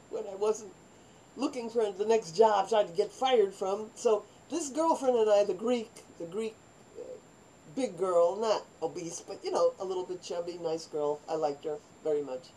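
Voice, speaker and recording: A woman's voice: medium pitch, moderate pace, slight background noise, low-quality recording. Older woman telling rambling life stories. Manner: rambling, animated, acts out quoted voices. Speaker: vlogger telling her life story. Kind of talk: personal storytelling monologue.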